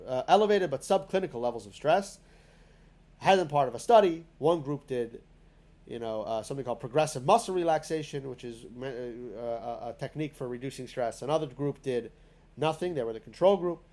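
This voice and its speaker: A man's voice: fairly high pitch, a little mellow. Conversational man teaching a class. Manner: conversational, many fillers and restarts. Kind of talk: spoken lesson. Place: synagogue classroom.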